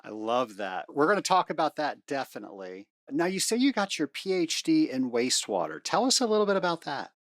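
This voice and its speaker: A woman's voice: low voice, very animated, fairly quick, hardly any pauses, no room sound, studio quality. A woman hosting a podcast interview, upbeat and playful, with big swings in her voice. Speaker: podcast host.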